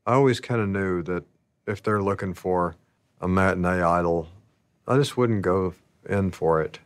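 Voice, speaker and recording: A man telling stories about his past in a slow, rambling, casual way, laughing often. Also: sits low, no room sound. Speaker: interviewee. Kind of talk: casual storytelling.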